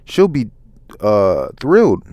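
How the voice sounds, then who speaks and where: Goofy excitable man, read by a reader. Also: fairly low pitch, slow pace, dry recording, muffled recording, heavily acted. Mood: curious. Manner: plain read-aloud voice.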